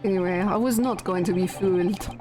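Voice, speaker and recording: A woman voicing a no-nonsense cowboy with a mock Louisiana accent and a stern drawl, lower than her own voice. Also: fairly quick, lightly acted. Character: gruff cowboy man, no-nonsense. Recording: music playing behind the voice.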